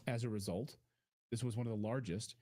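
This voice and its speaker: A man hosting a news talk show, commenting and reading out posts in a relaxed, conversational way. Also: on the low side, a little fast. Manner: relaxed, talks with a co-host and reads out posts.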